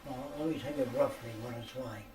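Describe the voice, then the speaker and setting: A man's voice: mid-range voice, a little fast, noisy background. An older American man telling stories in a rambling, lecture-like way, blunt and profane, often checking whether listeners understand. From United States. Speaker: speaker answering questions. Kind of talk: rambling lecture-style storytelling. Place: private room for a question session. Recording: echoey room, mic at a distance, faint ambience.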